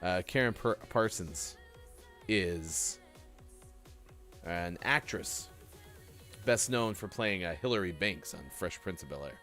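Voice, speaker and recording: A male morning show host with a lively, swooping voice that rises and falls freely. He talks casually and jokes as he goes, with faint music playing under him. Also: low-pitched, takes it slowly, pauses often. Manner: lively, joking, rambling delivery. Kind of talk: casual live-stream radio chat.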